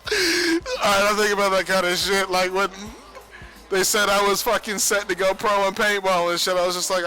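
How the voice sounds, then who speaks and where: A young man rambles on a livestream, swearing freely and boasting between bursts of laughter. His voice sits high and sounds bright and edgy. Faint music plays behind him. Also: normal speed, poor audio. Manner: profane, boastful, laughs often. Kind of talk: rambling casual stream monologue.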